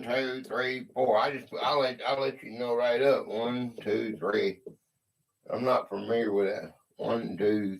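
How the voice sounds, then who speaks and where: A man's voice: medium pitch, a bit bright. A man hosting a casual livestream quiz, greeting viewers by name and reading questions aloud. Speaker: livestream host running a quiz. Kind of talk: casual live-stream chat.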